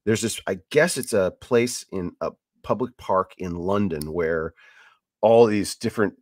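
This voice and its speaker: A man with a fairly low voice hosts a casual Bible teaching podcast. He rambles and restarts often, then punches words out with sudden emphasis. The sound is dry and close. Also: a little slow, no room sound. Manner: animated and rambling, with many restarts and emphatic bursts. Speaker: podcast host.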